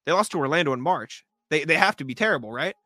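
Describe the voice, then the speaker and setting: Sarcastic ranting young man, bright voice. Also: fairly high pitch, expressive, quick pace, no room sound. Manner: sarcastic, ranting, frequent throat clearing. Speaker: podcast co-host. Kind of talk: sports podcast rant.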